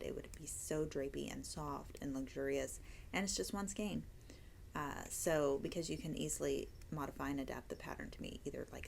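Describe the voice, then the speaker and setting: A woman hosting a relaxed chat, her voice low and gravelly with a fry at the ends of phrases. She talks in a chatty, gushing way, piling up words of praise. A faint hiss of noise sits behind her. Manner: chatty, enthusiastic, gushing about yarn. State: hiccups and tired. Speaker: yarn shop owner and host. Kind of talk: casual interview chat.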